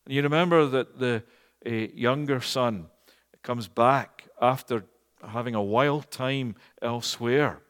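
A man from Scotland, preaching a storytelling sermon, animated and rising to loud emphatic peaks. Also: medium pitch, slow, smooth. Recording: long hall reverb.

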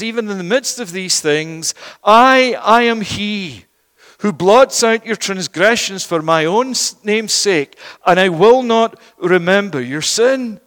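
Male preacher, high voice, emphatic repetition, church hall with long echo. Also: a little slow, fairly bright tone. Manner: emphatic, repeats words for stress. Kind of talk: sermon.

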